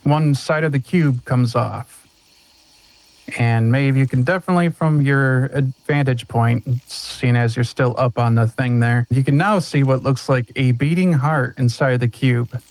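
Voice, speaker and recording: A man's voice: medium pitch, a little slow, darkish tone, no room sound, rough recording. A man running a tabletop role-playing game as game master, narrating scenes and rulings in an easygoing way.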